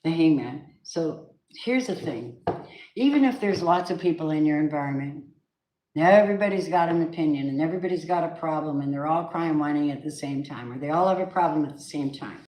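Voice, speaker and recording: A woman's voice: deep voice, a little fast, mellow. A woman giving a casual, emphatic tarot reading, talking straight to her viewers. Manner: chatty, emphatic, sings snatches of songs. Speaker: tarot reader. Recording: echoey room with faint noise.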